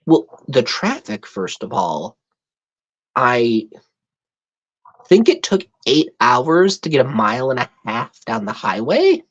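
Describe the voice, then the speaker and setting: Low-voiced woman ranting on a stream, swears a lot, pitch jumps all over, kinda muffled lo-fi sound. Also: slow, husky. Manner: profane, exasperated, animated. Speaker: live-stream host. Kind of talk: casual storytelling rant. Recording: dull lo-fi stream audio.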